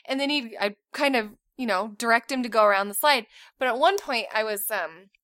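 A woman in her thirties co-hosting a podcast in casual chat, telling animated stories and laughing often. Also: fairly high pitch, brisk, dry recording, studio quality. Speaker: podcast co-host.

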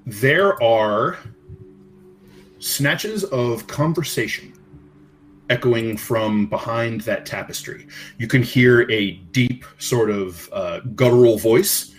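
A man narrating a tabletop game as game master, unhurried and searching for words with many fillers. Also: medium pitch, soft background music.

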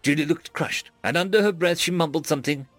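A man narrating a scripted story in an expressive storytelling manner. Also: a little high, a little fast, no echo, faint music behind. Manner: expressive storytelling, acts out many voices.

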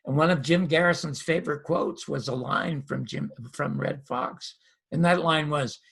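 An older man, a former talk show host and stand-up comic, telling stories as an interview guest in an emphatic, animated way with a raspy voice. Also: on the high side, moderate pace. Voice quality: raspy, gravelly. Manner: emphatic, repeats words. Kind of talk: animated storytelling.

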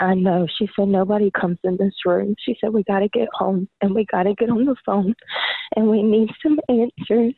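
A woman's voice: mid-range voice, no echo. Woman recounting a loss over a phone-like line. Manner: halting, many fillers and restarts. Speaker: interviewee. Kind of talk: personal testimony.

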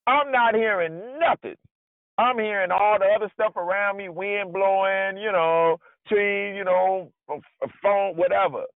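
A man preaching a conversational sermon, informal and animated, acting out his frustration in asides. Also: fairly high pitch, creaky, dry recording. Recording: dry, tinny phone-like sound.

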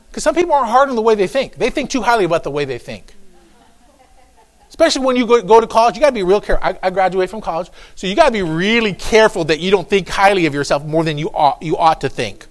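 A male pastor preaches a sermon in an emphatic, repetitive, folksy style, tossing in joking asides. His delivery swings between quiet low remarks and shouting.

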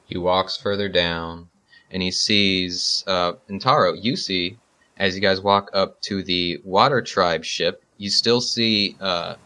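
A man narrating a tabletop role-playing game as game master, talking in a relaxed, halting way with many fillers. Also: low-pitched.

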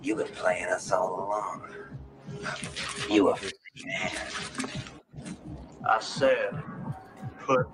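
An actor playing a weary male convict hero in a film, with a slow, quietly menacing delivery and a film score behind him. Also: on the low side, music in the background, rough recording.

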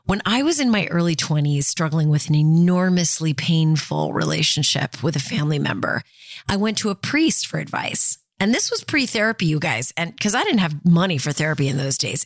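A woman's voice: low-pitched, very animated, moderate pace, no room sound, studio quality. A woman in her fifties giving candid, conversational personal advice and talking straight to her listeners.

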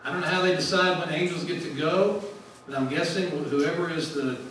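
A man's voice: on the high side, steady tone, moderate pace, fairly bright tone, recorded from a distance, a little hiss or hum. Man preaching in an echoey hall. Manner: conversational, asks questions and answers them. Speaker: speaker at a ministry gathering. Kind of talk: sermon.

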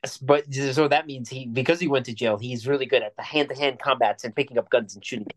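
A man's voice: mid-range voice, fast. A man co-hosting a podcast, chatting casually about movies in a rambling, jokey way. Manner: rambling, jokey, restarts often. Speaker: podcast co-host. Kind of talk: casual movie review chat.

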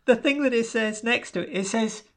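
A woman's voice: on the high side, fairly quick. A woman co-hosting a casual podcast, recapping a film in a rambling way with dry asides. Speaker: podcast co-host.

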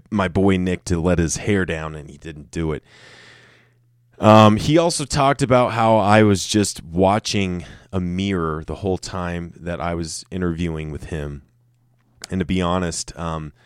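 A man in his thirties from Colorado talks through a solo podcast in a very low voice. He rambles, mocks himself and swears freely. The sound is close and dry, with no room echo. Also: a little slow, clear, resonant tone. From Colorado, United States. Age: 30s. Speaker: podcast host. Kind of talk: casual solo podcast monologue. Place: room with a camera and light set up.

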